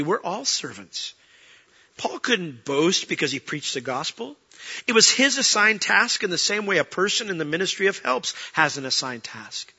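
A man preaching a sermon as pastor, lively and acting out the people he quotes. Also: a little high, husky, muffled recording. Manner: animated, acts out quoted voices.

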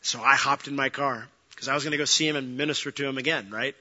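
Male pastor, sermon storytelling, piercing bright tone, emphatic and humorous, muffled lo-fi recording. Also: mid-range voice, quick pace. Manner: animated preaching, building to loud passionate peaks. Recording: dull lo-fi sound.

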